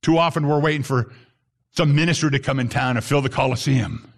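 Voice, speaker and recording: A man preaching a sermon to a congregation, emphatic, with bursts that rise sharply in pitch. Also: a little fast, gravelly. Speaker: pastor.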